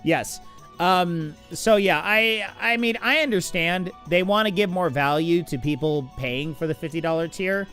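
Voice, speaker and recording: A man's voice: sits high, a little slow, fairly bright tone, soft background music. A man hosting a game stream, chatting casually and getting distracted by his game, with lots of fillers. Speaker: streamer host. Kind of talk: casual chat while gaming.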